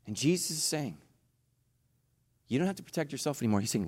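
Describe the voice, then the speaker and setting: Man, middle-aged, pastor, sermon, fervent, loud to hushed, dry close sound. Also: medium pitch, animated, no room sound. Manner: passionate preaching that swings from loud bursts to hushed, slow emphasis.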